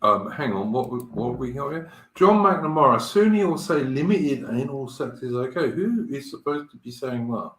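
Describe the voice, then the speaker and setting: A man's voice: mid-range voice, animated, normal speed, hardly any pauses, fairly bright tone, roomy sound, low-quality recording. A man hosting a live stream in casual chat, talking bluntly and crudely and swearing freely. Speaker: stream host. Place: home in Australia.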